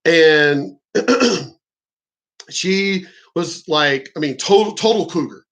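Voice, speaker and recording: A man's voice: fairly high pitch, lively intonation, takes it slowly, a bit bright, poor audio. A man giving blunt, profane commentary and telling a story in casual talk. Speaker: commentator reacting to clips.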